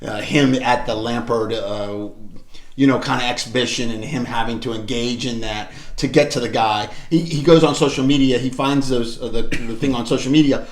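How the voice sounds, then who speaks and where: A man's voice: fairly even intonation, moderate pace. A man co-hosting a podcast, casually recapping a show and acting out the characters' lines. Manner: retells scenes acting out lines with shifts in pitch. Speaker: podcast co-host. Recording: echoey room.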